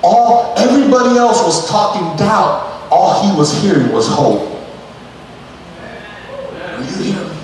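Animated preacher man in an echoing hall. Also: high voice, a little slow, long pauses, slight background noise. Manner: emphatic preaching that acts out scenes, with calls to the congregation. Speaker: pastor. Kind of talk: sermon. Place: church sanctuary. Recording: echoey church hall from far off.

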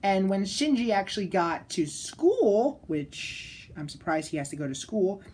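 A woman giving a casual, rambling spoken review of an anime, chatty and excitable, full of fillers and restarts. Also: mid-range voice, a little slow, slight background noise. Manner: excitable, jumps into loud shouted bits.

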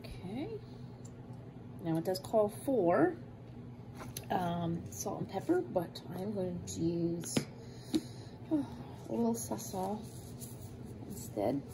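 A woman in her thirties talks unhurriedly through a home cooking session, playful and chatty, with cutesy made-up words. Steady noise hums behind her in the kitchen, and she paces her words slowly. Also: lowish voice. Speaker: cooking vlogger. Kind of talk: casual cooking chat and eating.

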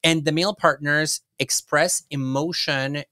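A man's voice: fairly high pitch, fairly even intonation, unhurried, sharp tone, dry recording, studio quality. A man from Mexico co-hosting a podcast, talking thoughtfully in an academic conversation and laughing now and then. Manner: thoughtful, frequent fillers and restarts, laughs. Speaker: podcast co-host.

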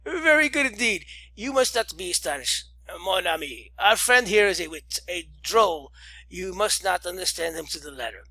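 A man voicing a cackling elderly gentleman at a dinner table, laughing shrilly. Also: high-pitched, very animated, moderate pace, gravelly, no room sound, full character voice.

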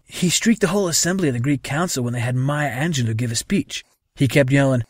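Crude swaggering bro, husky man. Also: mid-range voice, brisk, no room sound, clean studio sound. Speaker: comedy sketch performer. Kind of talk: comic sketch, eulogy by a frat bro.

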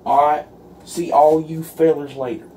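Slow, folksy man leading a roleplay. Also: a little high, little pitch movement, a little mellow, slight background noise. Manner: folksy, earnest, pleading. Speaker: roleplay creator. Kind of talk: solo character roleplay.

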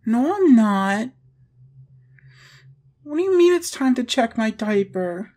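A woman's voice: fairly high pitch, sing-song, slow pace, dark tone. A woman performing a scripted audio role-play, talking in a pouty, whiny, protesting way.

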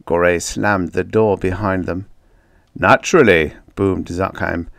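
Low-voiced male audiobook narrator. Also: unhurried, vocal fry, dry recording, clean studio sound. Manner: steady, descriptive reading. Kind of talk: scripted narration.

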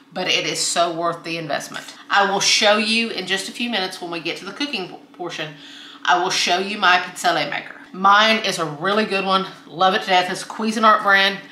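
A woman's voice: medium pitch, bright, forceful tone, echoey room, slight background noise. A woman hosting a home cooking tutorial from her kitchen, talking in a friendly, chatty way while she mixes ingredients. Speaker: cooking channel host.

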